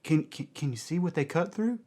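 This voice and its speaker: Guy reacting to a music video, high lively voice, yelps a lot, faint music behind. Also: fairly quick. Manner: exclamatory, loud cries of dismay; addresses audience as ladies and gentlemen.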